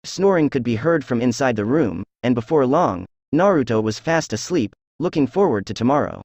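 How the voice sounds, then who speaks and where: A man reading fan fiction aloud as narrator, in a steady, even storytelling voice. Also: medium pitch, normal speed, dry recording, highs cut off.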